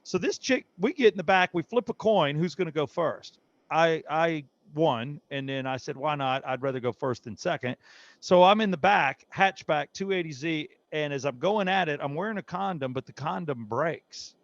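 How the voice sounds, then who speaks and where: A brash middle-aged man tells bawdy tales in a slightly high voice, animated and unfiltered. The recording is dry and a little dull, with no room around it. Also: moderate pace, no room sound. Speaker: guest comedian. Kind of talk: casual storytelling.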